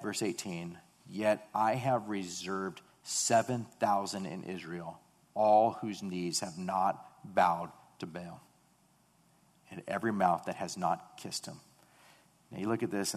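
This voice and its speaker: A man preaching a sermon, swinging from loud, fervent emphasis to hushed, quiet passages. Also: low-pitched, fairly even intonation, unhurried. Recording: long hall reverb.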